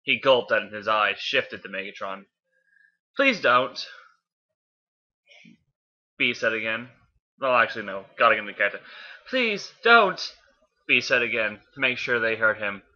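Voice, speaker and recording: Bright-voiced man reading fanfiction aloud. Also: on the low side. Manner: offhand, stumbles and corrects himself. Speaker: fanfiction reader. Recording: dull lo-fi home recording.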